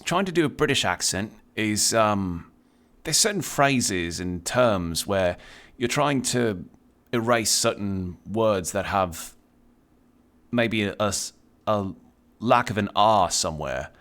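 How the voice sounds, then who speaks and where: A man's voice: fairly low pitch, expressive, slow pace, fairly bright tone. A man streaming a video game, chatting casually and rambling between thoughts, with the odd swear word. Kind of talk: casual chat while playing a video game.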